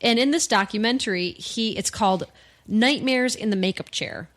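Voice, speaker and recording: A woman's voice: a little high, noisy background. A woman co-hosting a podcast in casual chat, teasing her co-host with playful questions. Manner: teasing, quick with jokes.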